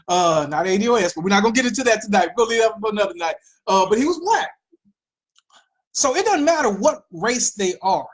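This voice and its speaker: A woman hosting a political commentary show, talking in an animated way with mocking asides and repeated phrases. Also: medium pitch. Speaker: host.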